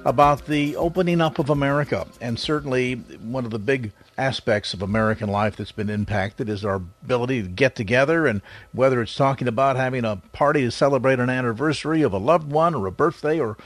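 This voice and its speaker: A man hosting a radio talk show, asking a guest questions in a measured, earnest way. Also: mid-range voice.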